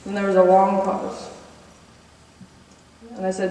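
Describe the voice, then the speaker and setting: Her voice mid-range, warm, and a little slow, a twentysomething college senior earnestly reads her personal testimony from notes in a chapel hall while cueing slides. The sound is echoey and picked up from a distance.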